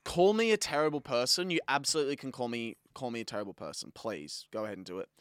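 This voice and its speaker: A man's voice: medium pitch, animated, fast, fairly bright tone, clear, resonant tone, dry recording, studio quality. A young man co-hosting a casual podcast, arguing his point with playful mock outrage. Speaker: podcast co-host. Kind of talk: casual chat.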